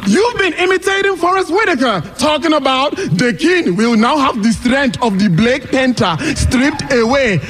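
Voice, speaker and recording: A young man with a Ghanaian accent performing spoken word poetry in an impassioned, rhythmic way, often breaking into shouts. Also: extremely high pitch, animated, moderate pace, few pauses, faint music behind. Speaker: poet.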